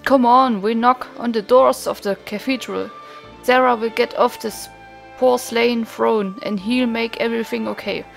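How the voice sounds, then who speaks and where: A woman's voice: fairly high pitch, steady tone, normal speed, vocal fry, faint music behind. A woman reading as a flippant young mercenary. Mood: teasing. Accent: German. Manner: flip, teasing, offhand. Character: brash young male mercenary swordsman.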